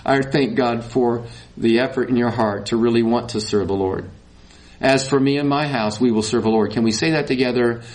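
A man preaching a sermon in a folksy, animated way, rising to high emphatic peaks. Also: normal speed. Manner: folksy, says y'all.

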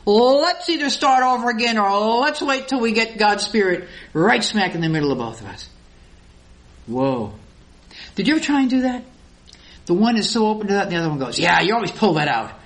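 A woman teaching a sermon, acting out quarrels in little voices and dropping to a low hush to make a point. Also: animated, fairly quick. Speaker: Bible teacher.

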